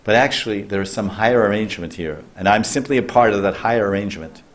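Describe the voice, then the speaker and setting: A man's voice: on the low side, quick pace. A man as a spiritual teacher, telling a sacred story in a loose sermon with restarts and questions to the listeners.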